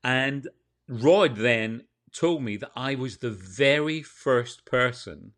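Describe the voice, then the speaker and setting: A Scottish man from Scotland with a Scottish accent, a TV presenter telling animated anecdotes in a casual interview. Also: mid-range voice, takes it slowly. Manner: animated anecdotes, quotes others. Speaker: TV and radio presenter, guest.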